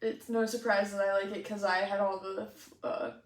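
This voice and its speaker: A woman's voice: medium pitch, little pitch movement, normal speed. A woman co-hosting a homebrewing show, chatting casually and laughing often, with lots of fillers. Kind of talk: casual chat while tasting beer. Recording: echoey room.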